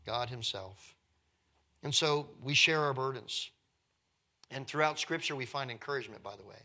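A man's voice: medium pitch, moderate pace, pushed and bright. A man preaching a sermon as a pastor, earnest and conversational, with emphatic repetition.

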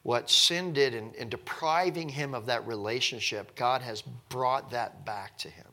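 A man leading a casual Bible study, rambling and animated, acting out the people in the passage. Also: mid-range voice, unhurried. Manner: rambling, animated, acts out the people he talks about.

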